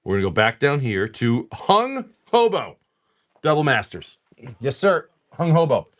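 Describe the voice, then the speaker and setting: A man's voice: medium pitch, huge pitch swings, fairly bright tone. A middle-aged man casually chatting while opening card packs live, rattling off card names and talking to buyers. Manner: rapid card name listing, chatty asides to buyers. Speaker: live stream card seller. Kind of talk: casual pack-opening commentary.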